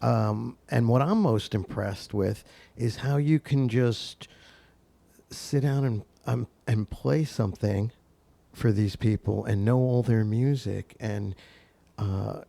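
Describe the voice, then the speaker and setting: A man's voice: fairly low pitch, slow pace, creaky, warm tone, dry recording. A man hosting a podcast who chats casually and praises his guest. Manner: brief encouraging interjections. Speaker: podcast host. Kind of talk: casual interview chat.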